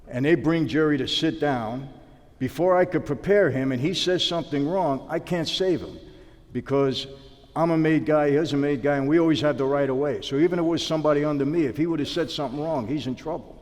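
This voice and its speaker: A man's voice: on the high side, a little fast, big-room sound. A man telling stories in a sit-down interview, acting out the dialogue. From New York. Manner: animated storyteller acting out dialogue. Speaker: interview guest, former mobster.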